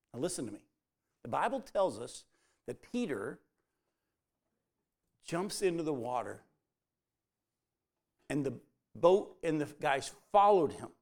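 A man's voice: mid-range voice, vocal fry. A man preaching a sermon, telling the story and acting out the quoted lines as dialogue.

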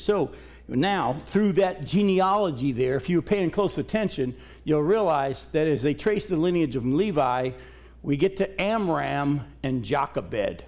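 A man's voice: on the high side, animated, a little slow, darkish tone. A middle-aged man, a pastor, teaching from scripture in a folksy, conversational sermon in a church. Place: church sanctuary.

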